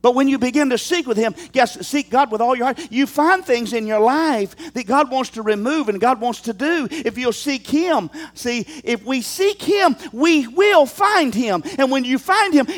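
A male pastor preaching a sermon in an animated way, throwing rhetorical questions at his congregation and calling out to them. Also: very high voice, moderate pace, few pauses.

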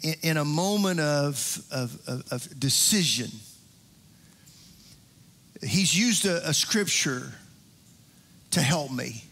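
A man's voice: fairly high pitch, vocal fry, fairly bright tone. An older man preaching a sermon as pastor, with rising emphasis and frequent restarts.

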